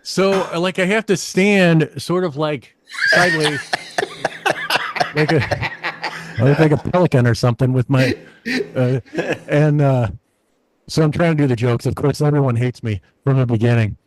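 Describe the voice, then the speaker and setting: A middle-aged man, a stand-up comedian, telling a lively story in a casual interview, acting out the people in it. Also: a little high, moderate pace, long pauses, a little hiss or hum. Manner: animated anecdote-teller, acts out quoted voices.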